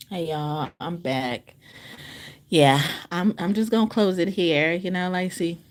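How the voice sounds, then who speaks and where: A woman's voice: on the low side, slow. A woman giving a casual livestream tarot reading from a room in a shelter into her phone, rambling, swearing and laughing often. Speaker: tarot reader.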